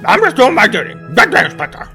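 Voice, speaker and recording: A man voicing a pompous, high-strung male rooster lawyer who speaks loudly and haughtily. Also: wildly swooping pitch, fast, soft background music, exaggerated voice. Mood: haughty. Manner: loud, haughty, indignant.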